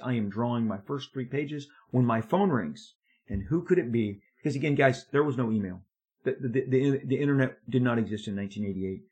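A man in his fifties tells a career story with animated, emphatic energy, rushing ahead when excited. His voice is husky with a mid-range pitch. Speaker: comic book artist. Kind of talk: storytelling monologue.

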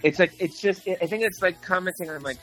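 A man's voice: high-pitched, a little fast, a bit bright, faint music behind, low-quality recording. A man co-hosting a movie podcast, chatting casually and rambling with lots of fillers. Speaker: podcast co-host. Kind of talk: casual chat.

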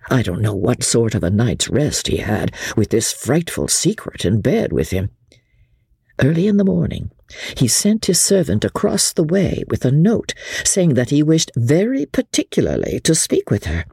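A woman narrating a classic novel aloud with expressive, varied storytelling. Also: low-pitched, creaky, breathy edge, dry recording, studio quality. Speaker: audiobook narrator.

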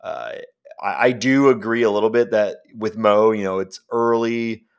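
A man with a somewhat low voice co-hosts a sports podcast. He talks casually and hesitantly, filling his sentences with "uh" and "you know". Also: moderate pace, smooth. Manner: hesitant, full of fillers. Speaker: podcast co-host.

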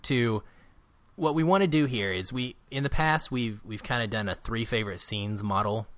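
A man's voice: low voice, no echo. A man co-hosting a film podcast, chatting casually and animatedly, laughing often and mimicking characters' lines. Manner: animated, laughing, doing quick impressions of characters. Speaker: podcast co-host.

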